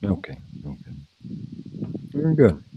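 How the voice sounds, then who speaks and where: A man from North Carolina co-hosting a casual livestream chat, teasing his guests with drawn-out questions. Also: on the low side, sing-song, husky, narrow, tinny audio. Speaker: livestream co-host.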